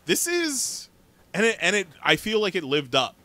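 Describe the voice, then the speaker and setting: An excitable man co-hosting a podcast in casual chat. His voice is bright and forceful, his pitch slightly high and very lively. The recording is dry. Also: fast, no room sound. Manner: enthusiastic, laughs often. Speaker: podcast co-host.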